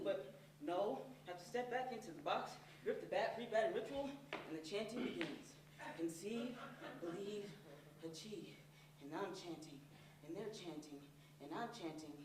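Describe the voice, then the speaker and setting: Solo stage storyteller, man, animated, going from hushed to shouting; distant mic, big echo. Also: high-pitched. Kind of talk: one-man stage monologue. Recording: far-off echoey stage recording, faint noise.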